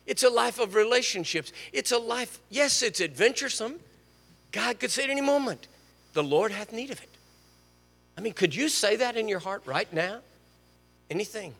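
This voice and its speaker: Older preacher in a reverberant church. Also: male voice, high-pitched, normal speed, husky. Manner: storytelling, animated, jokes with the congregation. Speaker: guest preacher. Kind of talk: sermon. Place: church sanctuary.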